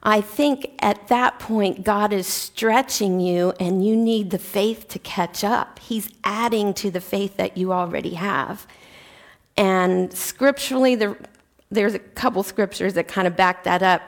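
Woman Bible teacher, mid pitch, gravelly edge, chatty devotional delivery. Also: measured pace. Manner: conversational, reads scripture aloud, frequent fillers.

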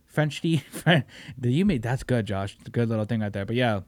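A man's voice: mid-range voice, lively intonation, moderate pace, a little mellow, dry recording. A man hosting a podcast in casual banter, loose and profane, riffing on jokes. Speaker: podcast host.

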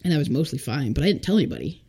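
Woman in her twenties, podcast guest, relaxed chatty testimony, lots of "like". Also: low voice, racing, breathy edge. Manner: chatty, full of fillers, acts out quotes. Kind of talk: casual testimony interview.

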